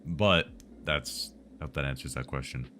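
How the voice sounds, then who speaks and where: A man's voice: rumbling low, moderate pace, pushed and bright, a little hiss or hum. A man streaming live, chatting casually about tech and answering viewers' questions in a rambling, joking way.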